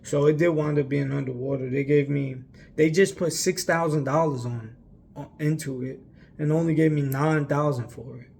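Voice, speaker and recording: Gravelly young man telling a story. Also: on the high side, fairly even intonation, normal speed, darkish tone, slight background noise. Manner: rambling, emphatic, many fillers. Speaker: vlogger. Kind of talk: casual storytelling.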